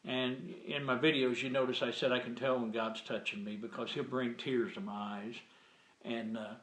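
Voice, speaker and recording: A man shares his faith story in a loose, rambling way, full of fillers and restarts. He retells conversations line by line with constant "he said, I said." His voice sits at an ordinary pitch, and the recording carries a roomy echo. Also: fairly even intonation, normal speed, fairly bright tone. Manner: retells dialogue with frequent "he said, I said". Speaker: Christian sharing a testimony. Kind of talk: casual spoken storytelling.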